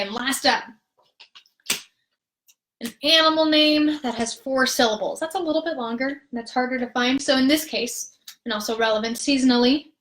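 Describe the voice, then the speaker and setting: A woman with a slightly high voice leads a live-streamed rhythm lesson as a music therapist. She is patient and upbeat and counts out the beats slowly and clearly. Her voice rings in a roomy, echoey space. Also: fairly bright tone. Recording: roomy echo.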